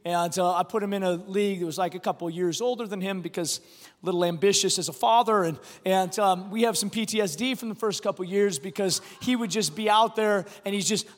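A pastor preaching a sermon, telling a family story with lots of restarts and animated delivery. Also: male voice, high voice, a little fast. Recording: long hall reverb.

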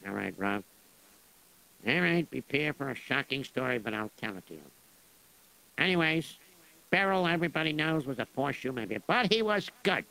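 A man's voice: mid-range voice, lively intonation, normal speed, gravelly, pauses often, bright, forceful tone, poor audio. A man telling a story in a radio drama in a rambling, casual way.

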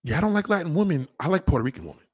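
Crude livestream guy ranting, husky voice, lots of ups and downs, dry close sound. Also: a little high, sing-song, very fast, no room sound. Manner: brash, profane, lapses into mock voices. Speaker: livestream host. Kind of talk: crude comedic rant to a livestream chat.

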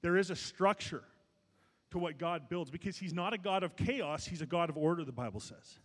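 A middle-aged male pastor preaching a sermon, swinging between loud peaks and quiet asides, with many restarts. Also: a little high, normal speed, husky. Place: large church sanctuary. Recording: long hall reverb.

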